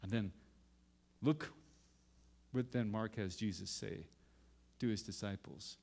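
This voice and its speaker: A man's voice: lowish voice, slow, gravelly, darkish tone. A middle-aged man preaching a sermon as pastor, dramatically reading scripture and acting out pleas to God.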